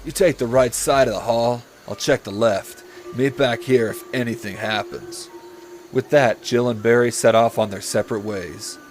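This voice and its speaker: A man hosting a comedy podcast, reading a story aloud in a deadpan voice that he breaks with swearing and asides. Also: mid-range voice, moderate pace, soft background music. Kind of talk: comedic read-aloud with banter.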